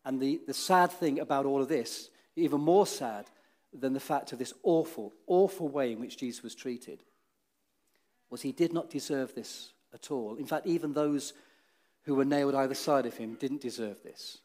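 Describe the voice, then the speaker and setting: A man preaching a children's talk in church, telling the story with many restarts and swinging between dramatic rises and hushed, solemn drops. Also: mid-range voice, moderate pace.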